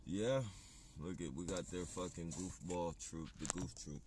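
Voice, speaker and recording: Low, slow-talking man livestreaming. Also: fairly even intonation, background noise. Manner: rambling, profane, laughs often. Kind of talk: casual livestream chat.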